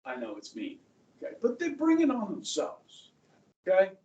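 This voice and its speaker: A man teaching a history class, talking in a chatty, animated way and checking in with the students again and again. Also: high voice, moderate pace, lo-fi sound. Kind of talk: classroom lecture. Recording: echoey classroom, mic far off.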